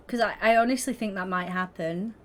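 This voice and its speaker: A woman's voice: medium pitch, fairly quick, fairly bright tone, slight background noise. A young woman streaming live, chatting casually with her viewers and constantly breaking into giggles. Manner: giggly, keeps breaking into laughter.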